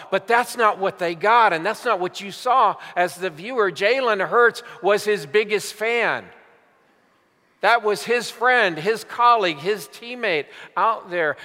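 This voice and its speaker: An older pastor delivers a sermon, unhurried and emphatic, leaning into his stories. His voice sits high and bright for a man. It rings through a large church with a long reverb.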